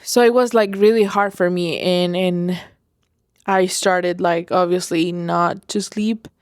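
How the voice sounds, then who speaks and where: Slow-talking woman telling a personal story. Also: fairly low pitch, steady tone, a little mellow, dry recording, studio quality. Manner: rambling, full of fillers and self-corrections. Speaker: podcast host. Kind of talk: personal diary-style storytelling.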